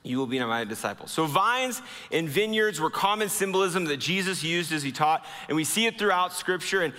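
Bright-voiced man preaching in a reverberant hall. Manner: earnest preaching, slowing and dropping low for emphasis. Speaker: pastor. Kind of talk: sermon.

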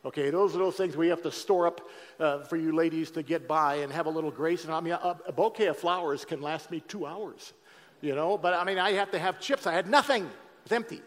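Speaking fairly quickly in a fairly high voice, a man shares his testimony as a sermon-style talk. He addresses the audience directly and casually, moving between near-whispers and loud passages, while the large auditorium adds a long, echoing reverb.

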